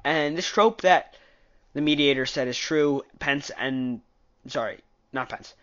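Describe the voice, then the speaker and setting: Speaking a little slowly in a fairly bright voice on the high side, a man offers his opinionated, offhand take on a political debate. He wanders and often fixes his wording partway through, on audio with the highs cut off.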